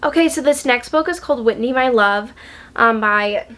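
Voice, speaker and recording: A woman's voice: a little high, normal speed, a bit bright. A woman book vlogger in a casual chat, gushing and chatty, with lots of ums and likes.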